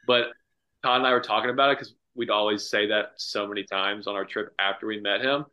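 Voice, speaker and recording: In a casual podcast conversation, a north-eastern American golf pro speaks briskly in a fairly low, sharp-toned voice with fairly even intonation. His storytelling rambles, packed with constant uses of "like," over dull lo-fi audio.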